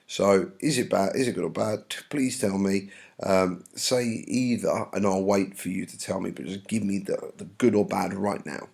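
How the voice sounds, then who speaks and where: A man's voice: sits low, normal speed, creaky, darkish tone. A male English teacher explaining a play in a chatty lesson, paraphrasing with slang asides.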